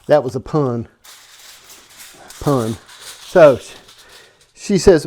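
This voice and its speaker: Speaking slowly with long pauses, a man with a mellow, mid-range voice hosts a cooking show at home. He chats casually to camera, jokes with the person filming, and keeps checking "okay?" in a folksy way.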